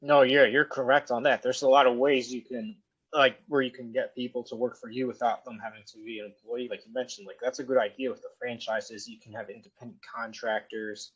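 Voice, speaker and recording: A man's voice: medium pitch, little pitch movement, brisk, fairly bright tone, breathy edge, muffled recording. A man interviewing a guest, mostly giving brief affirming remarks. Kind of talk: casual interview.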